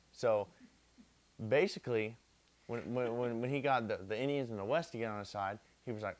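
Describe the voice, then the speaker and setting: A man's voice: mid-range voice, moderate pace. A young man retelling history drunk, rambling and repeating himself, swearing constantly and using street slang. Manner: profane, repetitive, street slang. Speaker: drunk storyteller.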